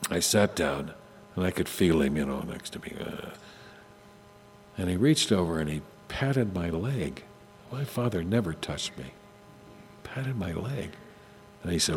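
An older man telling personal stories to an audience in a conversational way, often halting and restarting his sentences. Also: low voice, very animated. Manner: halting, with frequent restarts and asides. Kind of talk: conversational storytelling talk. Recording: long hall reverb, faint hum.

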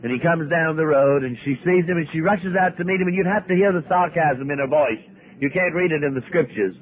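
An older man of the cloth tells his story to a gathered audience, his fairly high voice leaping and dropping for drama. The sound is thin and tinny, like an old archive tape with a faint hiss underneath. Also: fairly quick. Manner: animated, dramatic storytelling with wide swings. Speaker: abbot speaking at a recovery meeting.

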